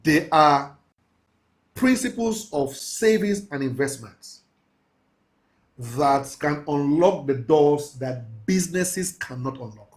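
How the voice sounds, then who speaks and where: A man teaching a mentorship class, talking in a preachy, emphatic way, slowing down to stress key phrases and laughing with his students. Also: fairly high pitch, expressive. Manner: laughs often, casual asides to the class. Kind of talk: live class lecture.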